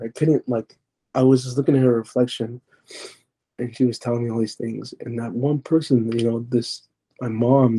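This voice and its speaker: Husky, dark-voiced man telling his story. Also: mid-range voice. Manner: earnest, halting, often sinking to a murmur. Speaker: podcast guest. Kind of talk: personal testimony storytelling.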